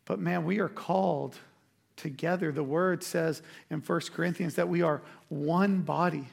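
A man's voice: on the high side, steady tone, unhurried, creaky. A man preaching a sermon as a pastor, in a conversational, emphatic way with quoted asides.

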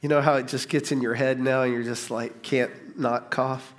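A middle-aged man preaching a sermon to a church congregation, casual and joking, building to excited emphasis. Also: medium pitch, fast. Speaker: pastor.

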